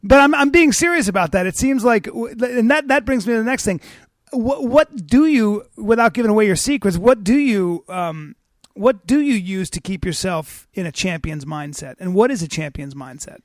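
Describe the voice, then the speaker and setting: Guy hosting a chill interview, kinda high voice, jokey and rambly, dry sound. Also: lively intonation, moderate pace, dry recording. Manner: playful, rambling questions with restarts. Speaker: podcast host. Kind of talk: casual chat.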